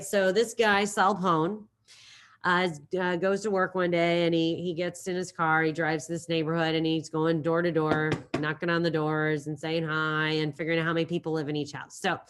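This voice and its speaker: Woman, teacher, lowish voice, chatty, recorded class lesson. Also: little pitch movement, moderate pace, background noise. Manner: chatty, storytelling with silly voices and repetition.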